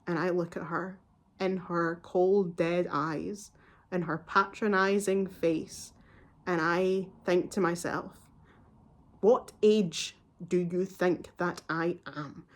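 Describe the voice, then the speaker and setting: A woman vlogger in her twenties, with a lowish, steady voice, slowly retells a story in a casual but heated way. She swears often and acts out both sides of the conversation.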